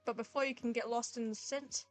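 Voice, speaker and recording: A woman's voice: fairly high pitch, steady tone, brisk. A woman streamer reading a dating game aloud and chiming in with playful, giggly asides, with faint music behind. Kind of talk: reading a visual novel aloud with commentary.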